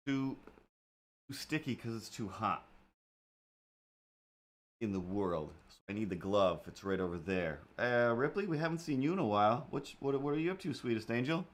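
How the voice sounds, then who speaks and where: This drawing-stream host has an expressive mid-range voice and talks at a moderate pace with long pauses. He rambles casually while he draws, mumbling playful asides under his breath.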